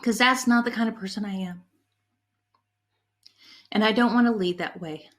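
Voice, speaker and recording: A middle-aged woman giving a conference talk on leadership, an animated storyteller who is candid and emotional about her past. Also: medium pitch, normal speed. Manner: animated storyteller, acts out quoted people in her anecdotes. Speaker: conference breakout speaker on leadership.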